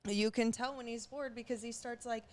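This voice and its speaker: A woman's voice: on the high side, fairly even intonation, normal speed. A young adult woman co-hosting a podcast, chatting casually and telling rambling, candid stories full of "like". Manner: candid, rambling storyteller with frequent "like". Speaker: podcast co-host. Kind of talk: casual chat.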